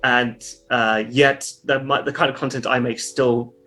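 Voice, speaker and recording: A man's voice: medium pitch, fairly even intonation, measured pace, bright, forceful tone, soft background music. A man talking as an interview guest in a loose, rambling way, full of fillers and the odd swear word. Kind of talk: casual interview chat.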